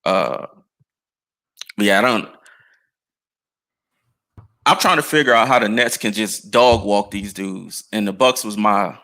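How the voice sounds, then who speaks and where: Bright-sounding american guy, chill slangy storytelling on a podcast. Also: fairly low pitch, a little slow, pauses often. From United States. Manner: laid-back storytelling, slangy. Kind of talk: casual chat.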